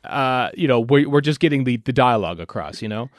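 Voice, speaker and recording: Man, podcast co-host, mid pitch, dry close sound, rambly and self-interrupting in casual commentary. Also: animated, a little fast, no echo.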